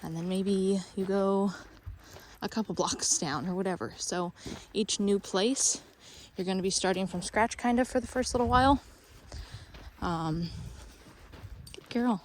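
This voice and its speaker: A woman's voice: mid-range voice, unhurried, a little hiss or hum. A woman dog trainer, a little out of breath, explaining her training steps while she walks outdoors with a dog, and stopping now and then to praise it. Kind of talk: instructional training walk-through.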